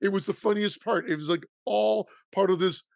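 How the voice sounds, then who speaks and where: A man's voice: high voice, normal speed, gravelly, darkish tone, no room sound, studio quality. A man co-hosting a horror movie podcast in casual chat, rambling with restarts and laughing easily. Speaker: podcast co-host.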